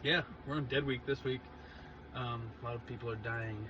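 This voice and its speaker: A man hosting a podcast in casual chat, throwing in quick jokes. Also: mid-range voice, fairly even intonation. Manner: joking, throws in quick quips. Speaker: podcast host. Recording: dull lo-fi sound with clear background noise.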